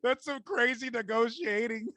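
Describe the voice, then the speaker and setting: A young man hosting a podcast in casual chat, animated and laughing often, telling stories with quoted voices. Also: very high voice, moderate pace, no room sound. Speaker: podcast host.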